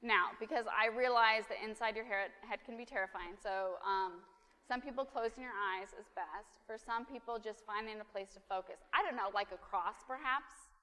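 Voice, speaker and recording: A woman's voice: a little high, moderate pace. Chatty woman preaching in a reverberant church. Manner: informal, chatty, with many fillers; soft counting during breathing. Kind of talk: sermon with guided breathing exercise.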